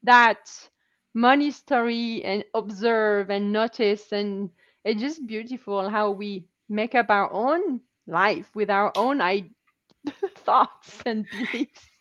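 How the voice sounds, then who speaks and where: A woman hosting an interview over a call, enthusiastic and quick to laugh. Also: mid-range voice, fairly bright tone, no echo. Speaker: interview host. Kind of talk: conversational interview. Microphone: remote call. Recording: dry, dull lo-fi call audio.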